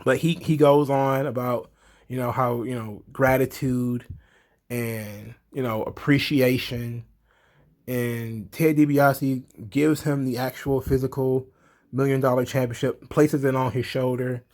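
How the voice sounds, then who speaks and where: A man giving a casual recap of a wrestling show, excitable, chuckling, swearing freely. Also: medium pitch, unhurried.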